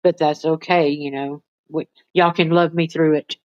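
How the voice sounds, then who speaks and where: A woman's voice: fairly even intonation, moderate pace, darkish tone, no echo, lo-fi sound. A woman, chatting casually with livestream viewers in a rambling way and cooing at her pets. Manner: rambling, chatty, talks to pets in high baby voice. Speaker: livestream host. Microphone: phone.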